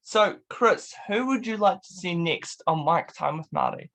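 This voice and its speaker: A young man hosting a casual interview, playful and quick to laugh. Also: sits high, wildly swooping pitch, gravelly, a bit bright. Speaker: host. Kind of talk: casual chat.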